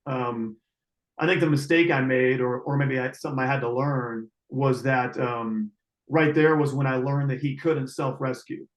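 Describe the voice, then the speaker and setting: A man telling a river rescue story in casual, halting speech full of fillers and restarts, heard over a video call. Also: medium pitch, steady tone, reverberant, rough recording.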